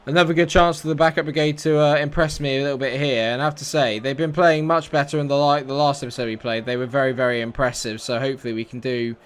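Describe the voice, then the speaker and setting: A man commentating his own football video game as he plays, swinging from loud excited outbursts to muttered low asides. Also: smooth. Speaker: gaming YouTuber.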